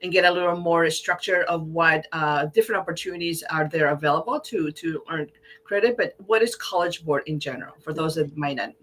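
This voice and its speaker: A woman's voice: sits low, a little fast, a bit bright. A woman hosting an interview in an enthusiastic, encouraging way. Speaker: host.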